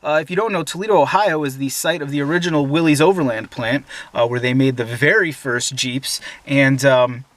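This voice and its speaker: A man's voice: mid-range voice, fairly quick, few pauses, fairly bright tone, no echo. A young man hosting a casual car Q&A from inside a parked SUV, opinionated and joking, with many fillers. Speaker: host. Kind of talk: casual automotive Q&A.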